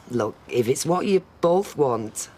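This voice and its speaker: Give me a doubtful woman in a TV drama. She speaks slowly and hesitantly, with wide swings in pitch and faint clicks behind her. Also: animated, a little mellow, a little hiss or hum, heavily acted. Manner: slow, doubtful. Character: doubtful woman hearing a friend's news.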